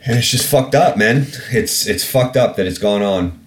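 On a recording with a little hiss or hum, a man hosting a podcast talks at normal speed in a voice on the low side. He rants sarcastically and swears heavily, flaring up again and again before apologizing.

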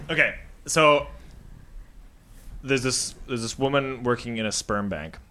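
A man's voice: mid-range voice, slow pace, slight background noise. A man co-hosting a casual podcast, telling crude jokes and laughing into his lines. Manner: animated, laughs mid-sentence. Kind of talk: casual joke-telling chat.

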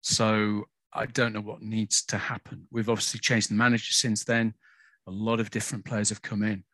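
A man's voice: lowish voice, little pitch movement, normal speed, a bit bright, no room sound. A man chatting as a podcast guest, hesitant and self-aware, often restarting his sentences. The sound is dry and close to the mic. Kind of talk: casual chat.

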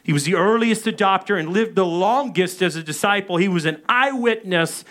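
Man, 30s, pastor, sermon, animated storyteller, high voice, bright tone. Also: moderate pace. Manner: animated storytelling, acting out his own panicked radio calls.

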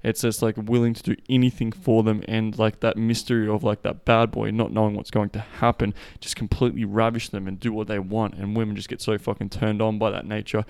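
A smooth, low-pitched man hosting a podcast, swearing freely as he rambles through crude stories. He sounds slightly out of breath from pacing as he talks. The recording is close and dry. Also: flat delivery, brisk, hardly any pauses, a little mellow, dry recording. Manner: profane, rambling storytelling. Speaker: podcast host. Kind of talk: casual monologue.

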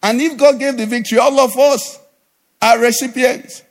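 Male pastor, middle-aged, high voice, animated sermon delivery. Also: normal speed. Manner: animated preaching with sudden drops to a low conversational voice and acted asides.

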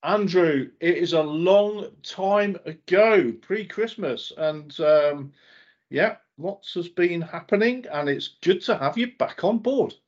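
A man's voice: high-pitched, animated, slow pace. A man co-hosting a market podcast, giving brief, agreeable replies with fillers. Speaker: podcast co-host. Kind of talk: casual market chat. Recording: dull lo-fi audio.

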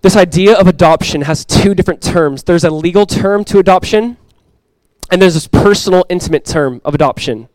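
A young adult man preaching a sermon as pastor, earnest and repeating key phrases, often dropping to a soft, intimate tone. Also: high voice, fairly quick, no echo, low-quality recording.

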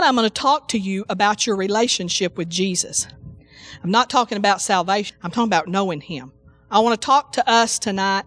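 A woman preacher delivering a fervent sermon, reading scripture slowly and calling out praise. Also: mid-range voice, a bit bright, dry recording. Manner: fervent, slow emphatic scripture reading with exclamations.

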